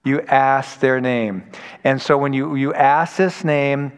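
A man's voice: mid-range voice, steady tone, takes it slowly, clean tone. A man preaching a sermon in a conversational, storytelling way, acting out quoted people as he goes. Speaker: pastor. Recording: long hall reverb.

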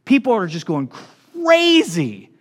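Man, pastor, fairly high voice, animated sermon, hushed to shouting. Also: moderate pace.

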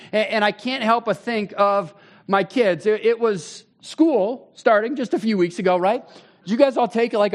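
Animated high-voiced male preacher. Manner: animated, conversational preaching with sudden loud bursts. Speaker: pastor. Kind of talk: sermon.

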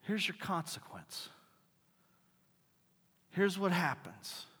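A man's voice: high voice, slow, husky. A man preaching a conversational sermon, telling stories and acting out the dialogue in them. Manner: animated storytelling, acting out dialogue. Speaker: pastor. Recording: long reverb in a large hall.

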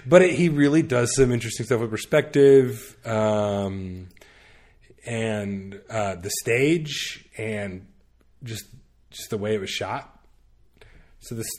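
Rambling low-voiced man, casual chat. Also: darkish tone. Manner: rambling, full of "like" and restarts, laughs easily. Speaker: podcast guest recommending media.

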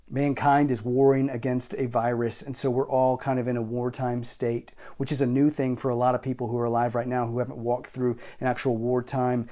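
A male pastor preaching a sermon, emphatic and shifting between intense and quiet delivery. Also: medium pitch.

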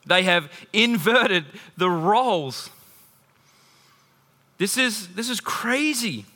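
Bright-voiced pastor preaching in a hall. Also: male voice, sits high, slow. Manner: animated preaching, swinging from loud emphasis to hushed intimacy. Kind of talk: sermon. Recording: long hall reverb.

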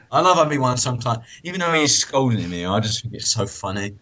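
A man's voice: mid-range voice, big pitch swings, brisk, fairly bright tone. A man co-hosting a podcast in casual chat, laughing often and acting out quotes as he talks. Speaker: podcast co-host. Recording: dull lo-fi sound.

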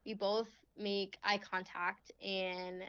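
A young woman guest telling a faith story in casual chat, full of "like"s and quick laughs. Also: mid-range voice, flat delivery, fairly bright tone, clear, resonant tone, dry recording. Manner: chatty, many fillers and "like"s, laughs often. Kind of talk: casual testimony in a faith podcast. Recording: slightly dull, lo-fi.

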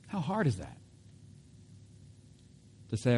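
A man's voice: medium pitch, animated, normal speed, pauses often, darkish tone, a little hiss or hum. A man preaching a sermon in a casual, conversational way, with asides and self-corrections. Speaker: pastor.

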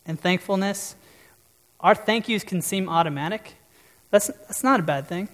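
A preacher talks through a sermon in an easy, conversational way at a middling pitch. Questions to the listeners come up often. The voice rings out with a long reverb, as in a large church. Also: normal speed, pauses often. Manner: conversational, asks the audience questions.

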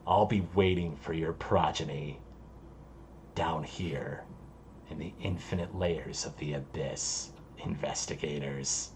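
A man acting out an ancient, sly demon in a tabletop game, with a slow, hushed and ominous delivery. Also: extremely low pitch, fairly even intonation, a little hiss or hum, pitched below the performer's own voice, heavily acted. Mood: ominous farewell. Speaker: game master voicing a character. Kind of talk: tabletop game role-play.

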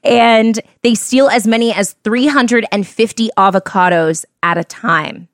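A woman's voice: fairly high pitch, a little slow, no room sound, clean studio sound. A woman hosting a podcast in casual chat, reading news stories aloud and joking with her co-host. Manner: chatty, reads quotes aloud and laughs easily.

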